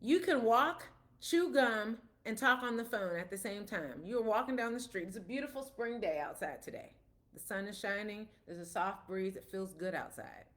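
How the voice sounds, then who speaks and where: A woman talks in an easy, conversational way and leans on everyday stories and quoted back-and-forth. Her voice sits at an ordinary middle pitch for a woman, and the talk is casual and explanatory. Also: expressive, moderate pace, fairly bright tone. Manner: conversational, storytelling with quoted dialogue. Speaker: parent speaking about autism.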